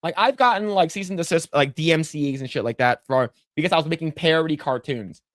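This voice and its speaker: A podcast co-host draws on stream and chats casually, tending to ramble, repeat himself and swear freely when annoyed. His voice is a little high and fairly bright, quick-paced, in clean studio audio with no echo.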